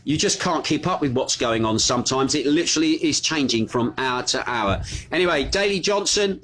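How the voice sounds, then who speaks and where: A man's voice: fairly high pitch, a bit bright. A middle-aged man hosting a casual live stream, chatting and greeting his viewers by name. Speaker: host of a live news stream.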